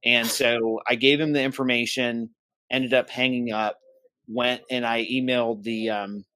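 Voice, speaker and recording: A man's voice: medium pitch, level tone, a little slow, pushed and bright, no echo. A man co-hosting a podcast, casually retelling a tense phone call and quoting both sides in his own voice. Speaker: podcast co-host. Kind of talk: casual storytelling.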